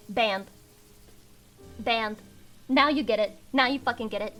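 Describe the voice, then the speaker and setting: Young woman streamer, high voice, bright, swearing, teasing chat, underslept. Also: measured pace, long pauses. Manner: profane, ranting, teasing chat. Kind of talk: casual livestream chat.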